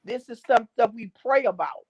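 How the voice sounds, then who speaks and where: A woman's voice: fairly high pitch, animated, normal speed, husky. A middle-aged woman, a gospel singer and drummer, giving an emphatic, preachy faith testimony as an interview guest and repeating her key phrases. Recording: dull dry lo-fi recording.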